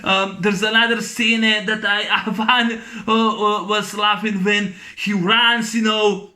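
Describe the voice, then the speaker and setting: A man's voice: sits high, little pitch movement, measured pace, pushed and bright. A man giving a casual spoken movie review, rambling with many fillers and often laughing as he retells scenes. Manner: rambling, full of fillers and "you know".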